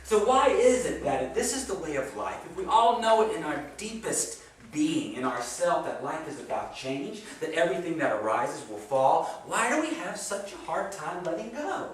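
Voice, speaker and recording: A man giving a sermon with a guided meditation at a spiritual center, his delivery swinging between hushed and emphatic. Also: a little high, sing-song, moderate pace, hardly any pauses. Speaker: guest speaker at a spiritual center. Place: meeting hall of a spiritual center. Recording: echoey hall from far off, faint noise.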